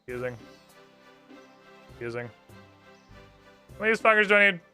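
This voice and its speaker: A man streaming a game, talking casually in a bright, animated voice with a lot of up-and-down in his pitch. He swears freely and jokes at his own expense. Soft game music runs underneath. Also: moderate pace, clean tone. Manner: swearing, self-deprecating, chatty. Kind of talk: casual gameplay commentary.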